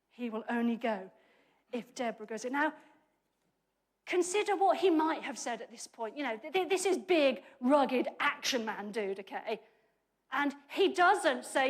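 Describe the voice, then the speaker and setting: A woman delivering a sermon with a high-pitched voice. Her talk is lively and conversational, laced with humor, and she often breaks off mid-phrase to restart and correct herself. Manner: lively, chatty and humorous, with quick self-corrections. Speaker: preacher.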